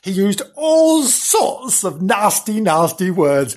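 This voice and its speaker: A woman's voice: medium pitch, very animated, slow, few pauses, a little mellow. A woman telling a mock children's story with rambling, giggly asides.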